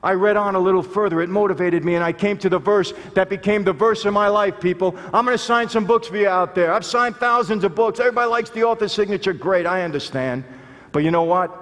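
A man's voice: high-pitched, a bit bright. A man giving an earnest, emphatic testimony speech to a live audience in a large hall, often calling out to them directly. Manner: earnest, emphatic, addresses listeners as "people". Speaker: speaker telling his life story to an audience. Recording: long hall reverb.

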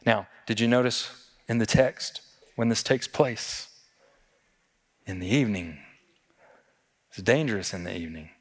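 A man's voice: on the low side, unhurried, pauses often, big-room sound. A man preaching a sermon as a pastor, talking conversationally and asking the congregation rhetorical questions.

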